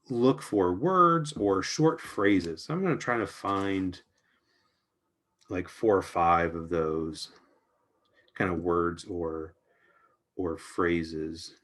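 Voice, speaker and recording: A man's voice: deep voice, fairly bright tone. A middle-aged man talking casually on a livestream as he works in an art journal, reflective and rambling, with frequent ums and restarts.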